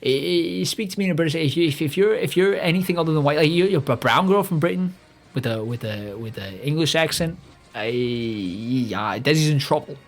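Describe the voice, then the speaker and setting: A man's voice: fairly high pitch, animated, fairly quick. A young man hosting a podcast, ranting in a rambling, profane way with lots of stammering restarts. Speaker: podcast host. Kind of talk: casual rant.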